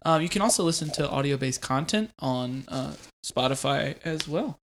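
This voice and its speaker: A man co-hosting a podcast, chatting in a relaxed way and joking while he rambles. His voice sits slightly high, and faint noise hisses behind him. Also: normal speed. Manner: laid-back, joking, rambling. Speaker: podcast co-host. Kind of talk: casual podcast chat.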